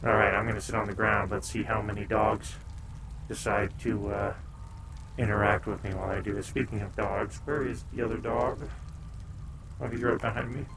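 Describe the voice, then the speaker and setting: A man's voice: fairly low pitch, fairly even intonation, moderate pace, fairly bright tone, a little hiss or hum. A man live-streaming at home in a laid-back, casual way, chatting to his viewers and telling his dogs to stop barking.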